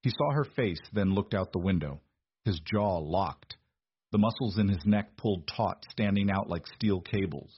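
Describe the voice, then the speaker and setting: A man narrating an audiobook in an even, measured storytelling manner. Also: low-pitched, slightly rough, dry recording, muffled recording.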